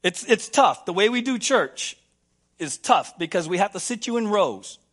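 A man preaching a sermon as pastor in a church, playful and animated, acting out little scenes for the congregation. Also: high voice, normal speed. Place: church sanctuary.

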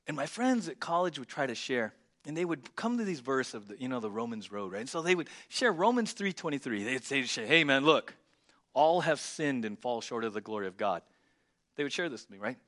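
A man in his forties preaching a conversational sermon as pastor, emphatic at times and often dropping to a low murmur. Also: fairly bright tone.

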